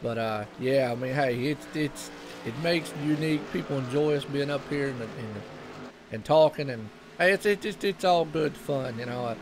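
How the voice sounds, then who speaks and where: A man's voice: mid-range voice, moderate pace, background noise. A man with a Southern US accent, commentating a sim race broadcast in a chatty way and laughing often.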